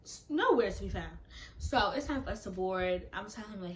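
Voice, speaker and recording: Young woman, casual storytime vlog, animated, acts out the dialogue, swings loud and soft. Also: medium pitch, moderate pace. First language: Nigerian heritage, speaks English. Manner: animated, acts out her texts and goes off in bursts. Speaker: YouTuber telling a storytime.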